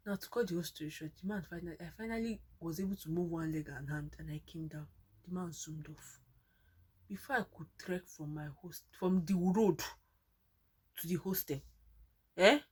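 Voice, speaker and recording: A young Nigerian woman tells a story from her own life in a slightly husky voice. Her delivery is dramatic and lively, with lots of repetition for emphasis. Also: on the low side. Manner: animated, dramatic, repeats for emphasis. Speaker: vlogger. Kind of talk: casual personal storytelling.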